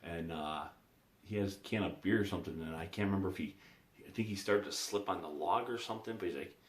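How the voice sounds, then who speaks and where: A man's voice: deep voice, fast, breathy edge. A man telling rambling personal stories in a casual vlog, repeating himself and restarting often. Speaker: vlogger. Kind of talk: casual storytelling. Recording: echoey room.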